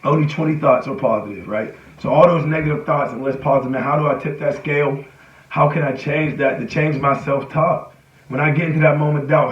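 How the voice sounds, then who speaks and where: A man's voice: on the high side, fairly even intonation, fairly quick. A man giving a casual motivational talk, conversational and often checking in with "right?" and "you know". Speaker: motivational speaker. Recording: echoey room, distant mic, dull sound.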